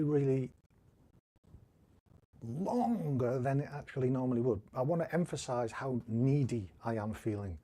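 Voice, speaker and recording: Teesside guy running a casual guitar lesson stream, mellow low-key voice, chatty, thinks out loud, bit self-deprecating, guitar noodling behind. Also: lively intonation, normal speed. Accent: Teesside English. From northeast England. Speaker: guitar teacher.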